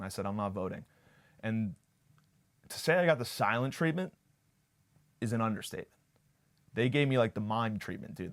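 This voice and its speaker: Young male podcast host, lowish voice, sarcastic crude rambling comedy. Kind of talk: comedic monologue.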